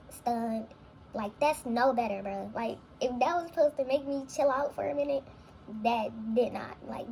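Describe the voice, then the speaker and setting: Gravelly young woman telling a story. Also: fairly high pitch, a little mellow, slight background noise, rough recording. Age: young adult. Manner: rambling, reflective, heavy with fillers. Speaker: vlogger. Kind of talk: casual storytime monologue.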